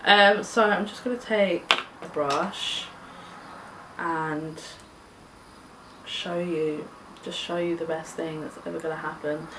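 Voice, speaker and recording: A woman's voice: deep voice, fairly even intonation, takes it slowly, pauses often, distant mic. A young woman chatting casually while doing her makeup, gushing and chatty, swearing now and then. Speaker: beauty vlogger. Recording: echoey room, mic set back, faint hiss.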